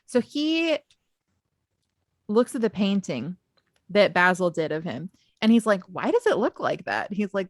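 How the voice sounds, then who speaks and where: A woman's voice: medium pitch, big pitch swings, measured pace, no echo. A woman co-hosting a casual book podcast, recorded remotely with a dry, close sound. She retells scenes by acting out the characters' lines and laughs often. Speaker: podcast co-host.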